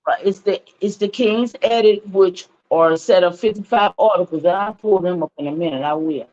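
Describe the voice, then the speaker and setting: A mid-pitched panelist explains points of history in a relaxed, conversational way. The voice comes through a dull, lo-fi online call. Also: moderate pace.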